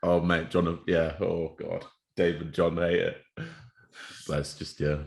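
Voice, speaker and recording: A man's voice: low-pitched, flat delivery, slow pace, creaky. A young man co-hosting a podcast, chatting casually, laughing often and dropping slang like bro and mate. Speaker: podcast co-host. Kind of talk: casual chat.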